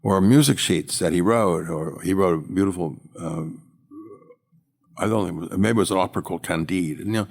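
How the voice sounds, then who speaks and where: An older man, a former auctioneer, telling animated anecdotes as an interview guest. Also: low-pitched, a little fast, creaky. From United States. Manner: animated storyteller, acts out quotes.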